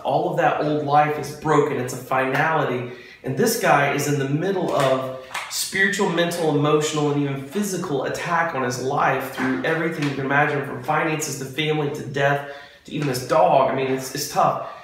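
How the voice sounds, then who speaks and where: Earnest pastor talking in an echoey space. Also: male voice, on the high side, slight background noise. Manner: earnest and excited, preacherly. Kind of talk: casual devotional vlog. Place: on a front porch.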